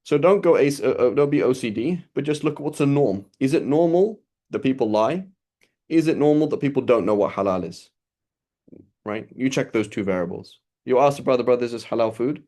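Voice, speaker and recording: Man, religious teacher, informal lesson, conversational, middle pitch, asks listeners questions. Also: lively intonation, fairly quick, dark tone.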